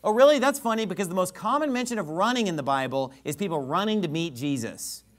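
A male pastor delivering a sermon in a sarcastic, mocking manner. His pitch leaps around with lively swings. He drops to quiet, careful explanation, then bursts into shouting. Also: fast.

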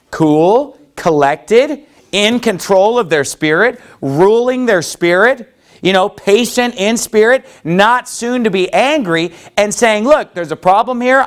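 A man preaching a sermon as a pastor, emphatic and conversational, with frequent "you know" asides. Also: high voice.

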